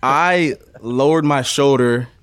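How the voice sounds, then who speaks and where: A man co-hosting a sports podcast, a former college player telling stories with lots of laughter and loud acted-out quotes. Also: mid-range voice, takes it slowly, clear, resonant tone, no echo. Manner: animated storyteller, acts out quotes loudly, laughs often. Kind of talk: casual storytelling chat.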